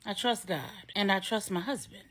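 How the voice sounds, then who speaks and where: A woman voicing a quiet, composed, faithful wife in a storybook reading. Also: medium pitch, normal speed, natural voice.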